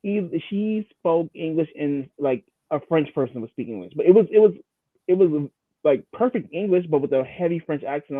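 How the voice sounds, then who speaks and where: A man's voice: fairly high pitch, fairly quick, no echo. Man co-host on a tinny line. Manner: animated storytelling. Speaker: podcast co-host. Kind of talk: casual chat.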